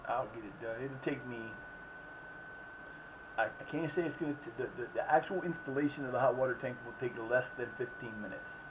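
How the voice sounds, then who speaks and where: A man commentating his own game on a live stream, drifting between quiet muttering and sudden outbursts at the plays. His voice sits in an ordinary middle register, and the sound is a bit muffled, with a faint hiss underneath. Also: mid-range voice, a little fast. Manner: rambling, muttering to himself, reacting loudly to plays. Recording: slightly muffled with faint background noise.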